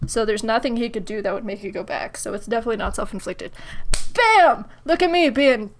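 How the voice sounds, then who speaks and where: A high-voiced woman chats through a game playthrough, loose and giggly, cursing casually. A faint hiss runs behind her voice. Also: expressive, a little fast. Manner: giggly, casual, swears freely. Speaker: gamer. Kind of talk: let's play commentary.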